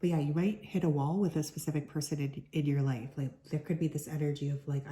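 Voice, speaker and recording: Woman, tarot reader, hoarse sick voice, low and mellow, echoey room. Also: fairly even intonation, quick pace. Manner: chatty, lots of "like" fillers. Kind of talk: casual collective card reading to viewers.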